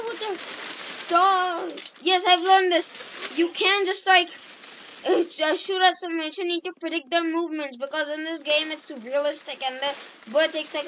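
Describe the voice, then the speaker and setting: A woman giving casual, excitable gameplay commentary and shouting at the game. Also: high-pitched, slight background noise, poor audio. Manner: excitable, yelps and shouts at the game, self-mocking. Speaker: gaming YouTuber.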